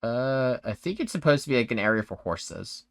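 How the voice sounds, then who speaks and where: A man's voice: medium pitch, very animated, no echo, studio quality. A man narrating as game master in a tabletop game, stopping and restarting often. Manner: halting, full of fillers and restarts.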